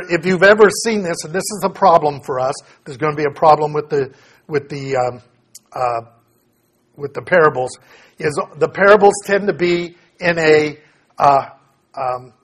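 Husky-voiced man teaching the Bible. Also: a little high. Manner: explains plainly, asks listeners questions, reads scripture aloud.

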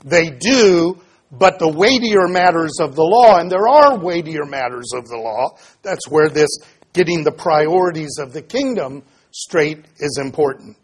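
A man preaching an expository sermon, reading scripture aloud and then explaining it with pauses and fillers. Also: a little high, expressive, breathy edge. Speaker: pastor.

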